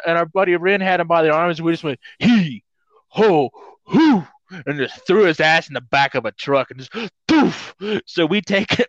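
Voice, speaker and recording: A man's voice: on the high side, no room sound. A man in his twenties co-hosting a podcast, telling stories in casual chat with lots of swearing and acted-out quotes. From Midwestern United States. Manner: animated storyteller, swears a lot, acts out quotes. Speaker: podcast co-host. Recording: dull, lo-fi dry sound.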